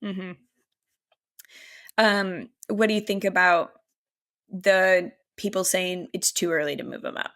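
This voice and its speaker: Gravelly-voiced woman co-hosting a podcast. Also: fairly low pitch, slow, long pauses, fairly bright tone. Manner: laughs often, swears freely, leads the questions. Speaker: podcast co-host. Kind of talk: casual chat.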